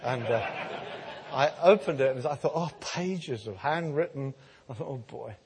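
A man preaching a sermon, telling stories of healing and building to an emphatic, animated delivery. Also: medium pitch, moderate pace, husky. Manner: storytelling, growing animated and emphatic. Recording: long reverb of a large hall.

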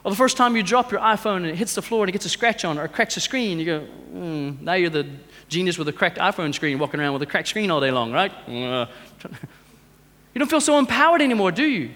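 High-voiced man preaching in an echoey hall. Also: fast talker, hardly any pauses. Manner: rhetorical questions, swings between loud urging and hushed intensity. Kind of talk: sermon.

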